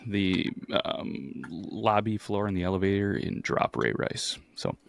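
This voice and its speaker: A man hosting a podcast, dropping quick wisecracks in casual chat. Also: fairly low pitch, lively intonation, creaky. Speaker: podcast host.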